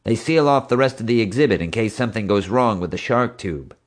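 A dismissive female security chief, played by a man with his voice lifted higher. She talks in short, clipped lines. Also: animated, brisk. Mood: curt.

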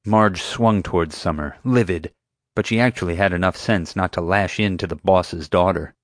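A man narrating an audiobook with expressive, storytelling delivery. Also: low-pitched, moderate pace, dry recording, studio quality.

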